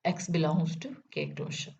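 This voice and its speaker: A woman lecturer with a low, gravelly, darkish voice works step by step through a mathematics proof at normal speed, her pitch swooping wildly. She is methodical and often repeats key statements and steps. The recording is dull and lo-fi, with faint noise.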